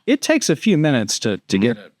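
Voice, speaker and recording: Animated storyteller man, dry close sound. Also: medium pitch, a little fast, no echo. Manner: rambling, animated, many fillers and restarts. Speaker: podcast guest, retired army captain. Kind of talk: casual storytelling in conversation.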